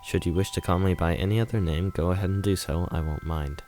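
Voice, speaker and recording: A man's voice: deep voice, fairly even intonation, fast, a little mellow, faint music behind, natural voice. A man reading a visual novel aloud, voicing an aloof, disdainful mnemonicide in a stiff, formal and curt manner. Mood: cold. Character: young woman, cold aloof Mnemonicide, disdainful.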